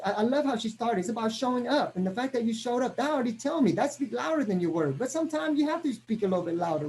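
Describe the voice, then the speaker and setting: Upbeat guy giving a pep talk on a video call, keeps asking "right?". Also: extremely high pitch. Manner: energetic, punctuates every point with "right?". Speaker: motivational business trainer.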